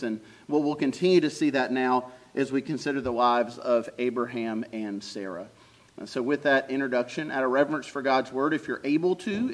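A man preaching a sermon as pastor of a church, with a scratchy throat that is starting to lose its voice, talking earnestly with frequent fillers. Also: medium pitch. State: scratchy throat, losing his voice. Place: church sanctuary.

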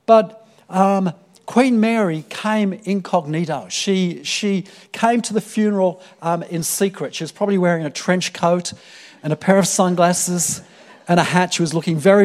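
A man's voice: high-pitched, darkish tone. A man preaching a sermon to a church congregation, earnest and full of fillers and repeated words. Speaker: pastor.

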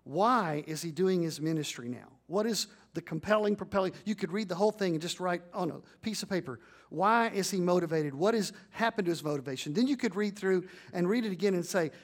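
A man with a notably high voice delivers a sermon from the pulpit. He builds his points to emphatic peaks and has the congregation repeat phrases back to him. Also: lively intonation, a little fast. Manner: preaching with rising emphatic peaks and call-and-response. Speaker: pastor.

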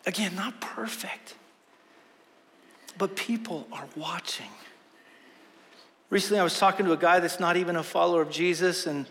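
A man's voice: a little high, a bit bright. A man preaching a sermon as pastor, earnest and emphatic, with self-deprecating jokes. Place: church sanctuary. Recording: long reverb of a large hall.

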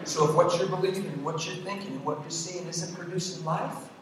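A middle-aged man delivers a sermon with a fairly high voice, pressing his points and then dropping to near-whispers. He is picked up from a distance in a big, reverberant hall. Faint room ambience sits underneath. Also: a little fast, slight background noise. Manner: emphatic, swings from loud to hushed. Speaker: preacher. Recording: distant mic in echoey hall.

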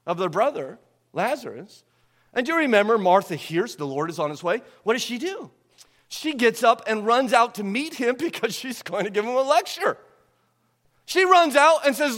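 A man preaching a sermon who asks his congregation rhetorical questions, swinging between loud emphasis and hushed, quiet passages. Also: extremely high pitch. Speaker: pastor. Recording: long hall reverb.

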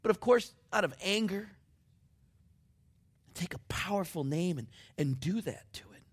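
A man preaching a sermon, dropping to near whispers and building up to excited shouts. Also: high-pitched, measured pace, slightly rough. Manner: dramatic swings from hushed to shouting. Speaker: pastor.

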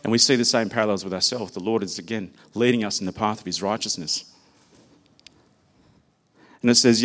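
A man preaches a sermon in a low-pitched voice. His delivery is conversational and personal, and he folds stories from his own family into the message. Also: a little fast, long pauses, a bit bright.

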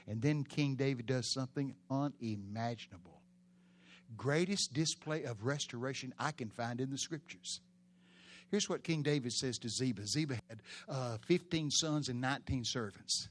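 A man preaching a sermon, telling the story dramatically with sudden shouted peaks. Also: medium pitch, moderate pace.

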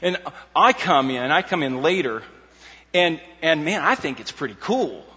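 Emphatic bright-voiced preacher in a big hall. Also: male voice, a little high, big pitch swings, normal speed. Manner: emphatic, rising to near shouts on key points; conversational asides and restarts. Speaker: pastor. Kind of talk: expository sermon. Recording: dull audio with long hall reverb.

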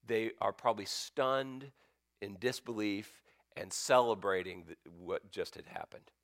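Low-voiced preacher telling a story. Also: male voice, unhurried, no room sound, studio quality. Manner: storytelling, swings from loud bursts to near-whispers. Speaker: pastor. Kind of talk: sermon.

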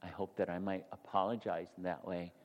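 A male pastor delivering a sermon, ranging from hushed, near-whispered passages to loud, rising exhortation. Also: low voice, little pitch movement, brisk, dull audio. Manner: shifts from soft, near-whispered confession to loud, rising preaching. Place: church sanctuary. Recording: long hall reverb in a church.

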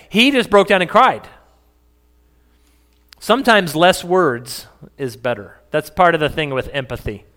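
A man's voice: on the high side, expressive, measured pace, pauses often, sharp tone. A man preaching a sermon to a congregation in a conversational, joking way. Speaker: pastor. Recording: echoey hall.

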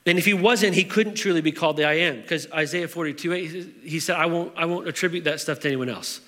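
A man's voice: fairly high pitch, fast, few pauses, pushed and bright, long reverb tail. A man preaching a sermon in a church, talking in a conversational way with fillers and restarts. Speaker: pastor.

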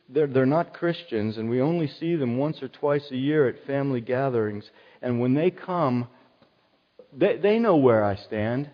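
A middle-aged male pastor preaching a sermon in an earnest, conversational way, often repeating his key phrases. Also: medium pitch. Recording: dull sound with long hall reverb.

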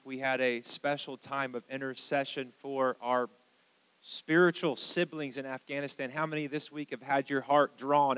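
American pastor preaching and praying, smooth voice. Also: male voice, medium pitch, in a large hall, low-quality recording. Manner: prayerful, hushed in prayer, rising to fervent calls. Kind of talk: sermon with prayer. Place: church sanctuary.

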